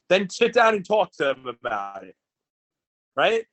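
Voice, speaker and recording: A man's voice: high-pitched, very animated, unhurried, long pauses, fairly bright tone. A man co-hosting a podcast in casual chat, ranting bluntly and swearing a lot. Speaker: podcast co-host.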